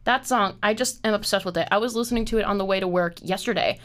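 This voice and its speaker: A woman's voice: medium pitch, quick pace, a bit bright. Young woman, podcast host, casual chat, lots of fillers, swears freely. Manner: chatty, full of "like" fillers and swearing.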